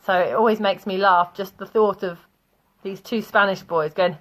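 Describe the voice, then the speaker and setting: A female English teacher with a medium-pitched voice and moderate pace leads an online vocabulary lesson. Her style is chatty, sprinkled with frequent laughter and stories.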